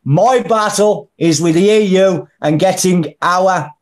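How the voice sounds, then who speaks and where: Blunt Brummie man, high voice. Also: unhurried. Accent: Birmingham (Brummie). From English Midlands. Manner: blunt and colloquial, calls people mate and brother. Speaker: guest. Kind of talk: casual interview chat.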